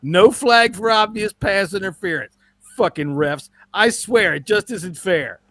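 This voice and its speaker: A man's voice: high-pitched, a little slow, fairly bright tone, pitched above the performer's own voice. A man voicing a petulant male football fan who complains that the refs are cheating. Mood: whining. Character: whiny sore-loser male football fan.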